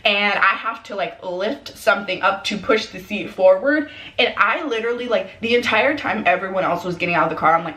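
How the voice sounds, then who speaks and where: Young woman, casual storytime, animated, echoey room. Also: medium pitch. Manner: animated, quotes people in quick put-on voices. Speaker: vlogger.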